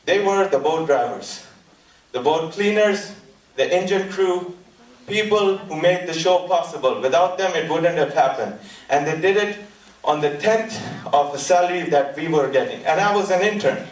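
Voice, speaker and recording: A male stand-up comedian telling a story in a lively way, laughing at his own jokes and dropping into mimicked voices. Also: a little high, normal speed. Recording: echoey stage audio from a distant mic.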